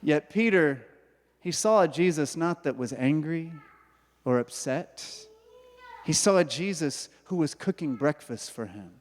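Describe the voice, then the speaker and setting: A man preaching from the pulpit in a slightly higher voice. He tells the story with lively storytelling and acts out the characters' inner thoughts. A long hall reverb trails after his words. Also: unhurried. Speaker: pastor. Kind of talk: sermon. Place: church hall.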